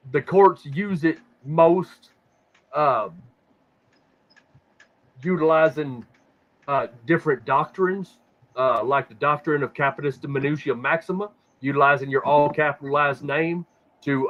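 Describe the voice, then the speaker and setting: Profane, rambling man on a lo-fi podcast. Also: fairly high pitch. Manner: profane, rambling, repeats words when stuck. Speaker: podcast host. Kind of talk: casual conspiracy talk. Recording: dull lo-fi sound.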